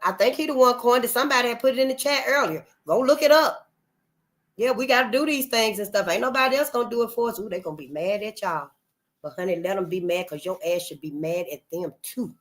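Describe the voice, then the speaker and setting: A woman's voice: on the high side, fairly bright tone. Blunt, profane, fired-up woman streamer. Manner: blunt, profane, fired-up, repeats phrases for emphasis. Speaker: channel host. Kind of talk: casual livestream commentary.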